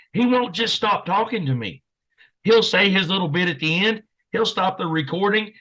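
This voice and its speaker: A man's voice: high-pitched, pushed and bright, dull audio. A man speaking as a podcast guest in an earnest, heartfelt, almost preacher-like way. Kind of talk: casual podcast chat.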